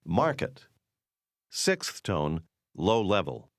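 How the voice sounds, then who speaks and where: A man with a very low voice narrates a language lesson in a measured, explanatory way. His pitch moves a lot as he explains, and the recording is dry and close. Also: big pitch swings, dry recording. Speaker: course narrator. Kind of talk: scripted language-course narration.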